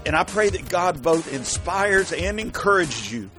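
A man's voice: a little high, expressive, measured pace, sharp tone. A man hosting a faith podcast, giving a welcoming introduction. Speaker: podcast host. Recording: music bed underneath.

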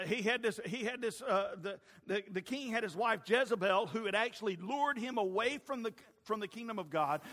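A man preaching a sermon, folksy and animated, swinging between loud proclaiming and quiet asides. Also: high-pitched. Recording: long reverb of a hall.

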